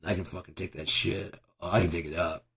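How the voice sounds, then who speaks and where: Hoarse, gravelly-voiced man ranting. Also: deep voice, steady tone, fairly quick. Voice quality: raspy, gravelly. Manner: profane, ranting, with bursts of loud shouting. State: hoarse from screaming. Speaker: vlogger. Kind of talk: casual rambling monologue.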